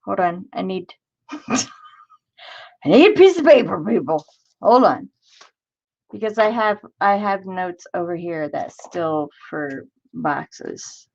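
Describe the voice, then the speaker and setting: A woman in her forties hosts a crafting livestream, speaking slowly in a fairly low, creaky, animated voice with frequent pauses. She rambles casually and greets viewers by name as she reads their comments. The recording's highs are cut off.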